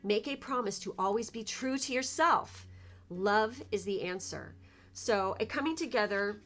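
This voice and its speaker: A woman's voice: mid-range voice, moderate pace. An effusive young woman reads tarot cards for viewers, her talk loose and heartfelt. She swears casually and keeps reacting to the cards as she goes. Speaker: tarot reader.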